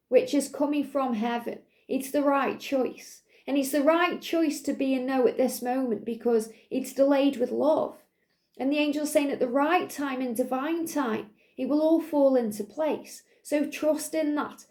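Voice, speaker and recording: Soft, mellow high-voiced woman reader. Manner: soothing, reassuring, repetitive phrasing. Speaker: psychic tarot reader. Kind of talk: spiritual card reading to viewers.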